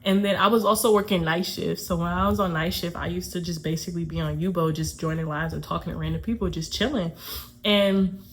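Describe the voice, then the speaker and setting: A young woman from Atlanta telling a casual storytime to her channel, chatty and quick to break into nervous laughter. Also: lowish voice, steady tone, slight background noise. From Atlanta, USA. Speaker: YouTuber.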